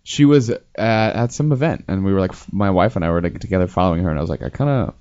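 A man's voice: low-pitched, expressive, darkish tone, smooth, no room sound. A man co-hosting a podcast in casual chat, joking and teasing the others. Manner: quick, teasing banter. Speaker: podcast co-host. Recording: dry, dull lo-fi podcast audio.

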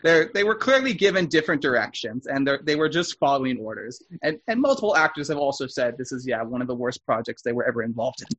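A man's voice: medium pitch, animated, fast, hardly any pauses, fairly bright tone. A man co-hosting a casual podcast who steers the talk and often stammers as he restarts sentences. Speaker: podcast co-host.

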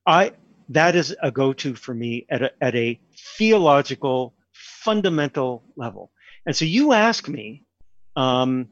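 Male interview guest, discursive and animated, mid-range pitch, slightly muffled recording. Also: dry recording. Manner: discursive, restarts often, animated with rising questions. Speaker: guest, composer and pianist. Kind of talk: reflective conversational interview.

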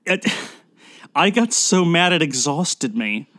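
A man's voice: fairly high pitch, sing-song, slow pace, bright, forceful tone, no room sound, clean studio sound. A man co-hosting a podcast and chatting casually with sardonic, wry humor. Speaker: podcast co-host. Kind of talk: casual chat.

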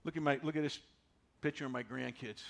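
A man in his sixties preaching a sermon, folksy and animated, driving points home with repetition. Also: mid-range voice, quick pace, vocal fry. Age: 60s. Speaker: pastor.

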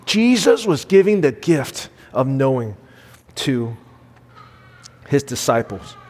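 A man in his thirties or forties preaching a sermon, earnest, shifting from loud emphasis to soft, quiet quotes. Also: mid-range voice, sing-song, takes it slowly. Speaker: pastor. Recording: long hall reverb.

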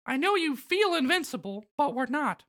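A squeaky, very high falsetto cartoon mouse king, earnest and urgent. The voice leaps about with lively swings and a bright, sharp edge. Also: normal speed, full character voice. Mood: earnest warning.

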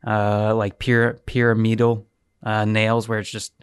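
A man's voice: lowish voice, monotone, unhurried, clear, resonant tone, no room sound, studio quality. A man co-hosting a podcast, rambling through anecdotes with lots of fillers and profane jokes. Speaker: podcast co-host. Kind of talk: casual podcast banter.

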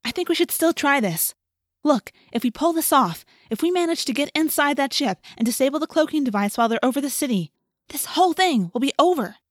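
A woman's voice: high-pitched, lively intonation, fairly quick, dry recording, studio quality, pitched above the performer's own voice. A woman voicing a determined, bold teenage girl who speaks firmly. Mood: insistent. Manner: firm, insistent delivery.

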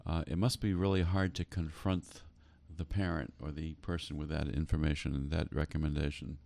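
Very deep gravelly male host. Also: little pitch movement, moderate pace, a little mellow. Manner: earnest questioning, many hesitations.

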